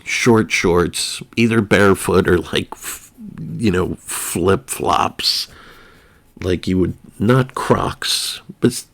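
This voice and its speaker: A young man with a low-sitting voice and vocal fry shares a casual storytime anecdote, rambling animatedly with side remarks and comic exaggeration.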